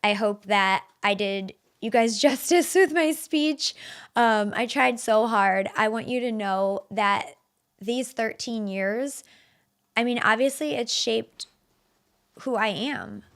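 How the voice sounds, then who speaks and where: An earnest woman in her thirties hosts a solo podcast, her voice sitting a little high. She talks warmly and personally, with fillers and restarts as she goes. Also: takes it slowly. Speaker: podcast host.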